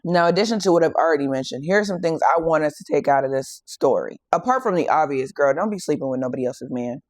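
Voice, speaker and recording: A woman hosting a faith and fitness channel who retells a Bible story in a casual, animated way and acts out the quoted lines. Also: deep voice, fast talker, dry recording, studio quality.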